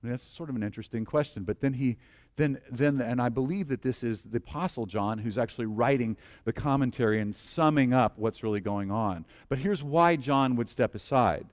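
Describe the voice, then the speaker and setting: A middle-aged male pastor preaching a sermon in an earnest way, dropping to hushed low phrases and rising to loud calls for the congregation to repeat after him. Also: fairly quick.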